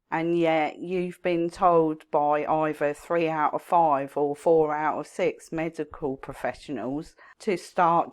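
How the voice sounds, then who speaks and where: A low-pitched woman speaks slowly and deliberately as a commentary host. Her tone is measured and critical, pushing back point by point. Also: a little mellow. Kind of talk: reaction commentary.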